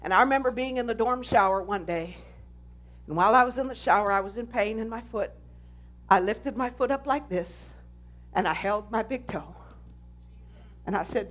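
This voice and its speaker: A woman pastor giving an animated sermon testimony, telling her story with emphasis. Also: on the high side, moderate pace, long pauses.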